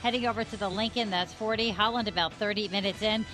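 A woman with a New Jersey accent giving a brisk radio traffic report and a sponsor read. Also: medium pitch, soft background music, rough recording. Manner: brisk, steady rundown. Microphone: studio microphone.

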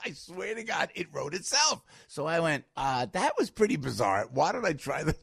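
Gravelly, animated New Jersey man. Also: a little high, moderate pace, dry recording. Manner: animated storyteller, slips into impressions. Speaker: radio show host. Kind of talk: morning radio chat. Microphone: studio microphone.

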